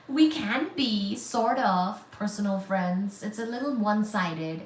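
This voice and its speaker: Slow, chatty woman streamer in an echoey room. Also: mid-range voice, heavy background noise. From India. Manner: reads viewer comments aloud and answers them, teasing and chatty. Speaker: livestream host of a physics channel. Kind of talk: casual livestream chat.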